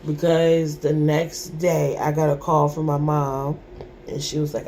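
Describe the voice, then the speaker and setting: Lower-voiced woman telling an emotional story. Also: little pitch movement, measured pace, dark tone, slight background noise. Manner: emotional, repetitive, colloquial and direct to viewers. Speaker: vlogger.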